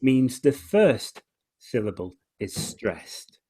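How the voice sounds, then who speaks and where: A man talking through the form of a poem in a relaxed conversation, hesitant and full of restarts, slowing right down whenever he reads lines aloud. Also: mid-range voice, slight background noise. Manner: hesitant, with many restarts, slows right down when reading verse aloud. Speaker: guest discussing poetry. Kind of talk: relaxed conversation, explaining verse.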